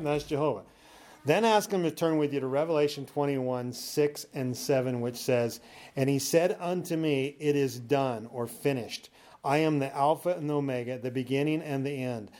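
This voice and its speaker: A man teaching a sermon in a conversational, coaching way, often checking in with "okay?" and slowing down to read scripture aloud. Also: medium pitch, a little mellow.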